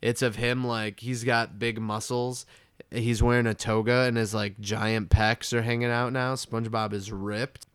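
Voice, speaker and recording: A man co-hosting a podcast, casually retelling a cartoon episode with animated play-by-play. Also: medium pitch, a little slow, clear, resonant tone, no echo, clean studio sound. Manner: animated storyteller, acts out lines, laughs. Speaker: podcast co-host recapping a cartoon. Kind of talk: casual chat.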